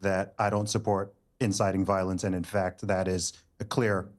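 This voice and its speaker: Low-voiced man, calm and firm. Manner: measured, firm rebuttal. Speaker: debate guest. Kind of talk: debate.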